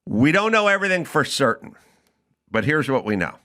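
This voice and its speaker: Male podcast host, bright sharp tone, profane and animated, acts out the lines. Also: medium pitch, a little fast. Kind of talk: casual comedic rant.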